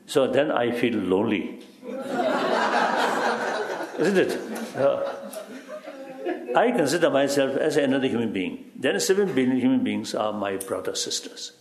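A man giving halting, reflective interview answers in broken English, often repeating "you see" and chuckling. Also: medium pitch, animated, reverberant, a crowd in the background. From Tibet. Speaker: interviewee, spiritual teacher.

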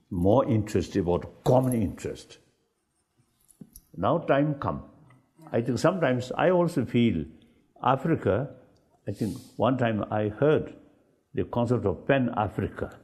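A man in a panel discussion who talks haltingly, searches for words and often restarts, and acts out quoted speech with energy. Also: mid-range voice, dark tone. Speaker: spiritual leader in a panel discussion. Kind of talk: conversational panel talk.

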